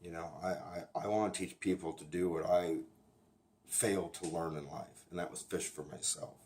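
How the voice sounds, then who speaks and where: A man speaking as a recovery sponsor, talking candidly and bluntly, often restarting his sentences and filling pauses with "you know.". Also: low voice, fairly even intonation, darkish tone, a little hiss or hum. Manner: halting, with frequent restarts and "you know" fillers; blunt and plainspoken. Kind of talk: candid informal talk to camera.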